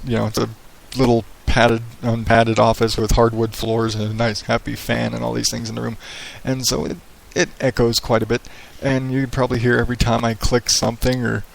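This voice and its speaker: A man talks on his own podcast in an easygoing, rambling way, swearing now and then, with a practiced radio-style delivery. His voice sits at an ordinary pitch and has a gravelly edge. He speaks into a headset mic in a small home office with hardwood floors that echoes. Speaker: podcast host. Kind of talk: casual solo podcast monologue. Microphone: headset microphone.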